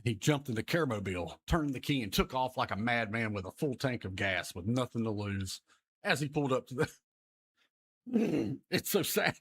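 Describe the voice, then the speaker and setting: A man's voice: medium pitch, sing-song, moderate pace, a bit bright, husky. Giechelende man met een hese stem. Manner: giggling, rambling, mock-dramatic narration. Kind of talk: improvised comic storytelling.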